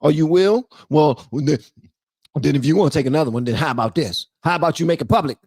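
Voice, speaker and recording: Animated man hosting a dry-sounding livestream. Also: fairly high pitch, fast, breathy edge, no echo. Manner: casual, animated, repeats phrases. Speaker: host. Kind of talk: livestream reaction commentary.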